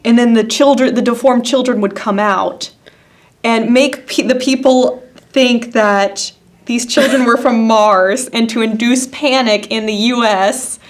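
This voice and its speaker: Woman podcast co-host, slightly high voice, sarcastic skeptic, chatty. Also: fairly even intonation, measured pace. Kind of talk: casual chat.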